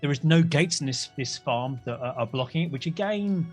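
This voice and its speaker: A man's voice: fairly high pitch, animated, normal speed, soft background music. A man running a tabletop game live, describing the scene in a loose, rambling way full of restarts and asides. His voice rises and falls a lot, with light jokes along the way. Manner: rambling, self-correcting, jokey. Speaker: game master.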